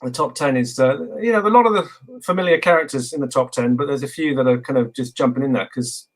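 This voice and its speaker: A man from England as a guest in a casual video interview, relaxed and rambling with many fillers. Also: medium pitch, fast, rough recording.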